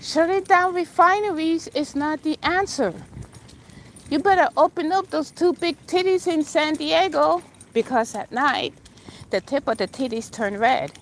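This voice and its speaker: A middle-aged livestream host chats while strolling through the city, addressing viewers by name as she hops from one opinion to the next. She speaks unhurriedly in a high voice over slight background noise.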